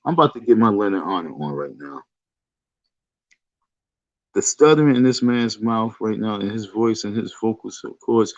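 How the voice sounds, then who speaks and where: A man's voice: fairly low pitch, dry recording, lo-fi sound. A middle-aged man giving rambling, profane reaction commentary as a vlogger, restarting his sentences over and over. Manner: excitable, repetitive restarts, profane street talk.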